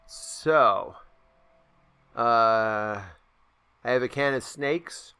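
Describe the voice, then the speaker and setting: Bright-voiced joking man. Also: medium pitch, very slow, clear, resonant tone. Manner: joking, rambling, animated asides. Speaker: player. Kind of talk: casual tabletop game play.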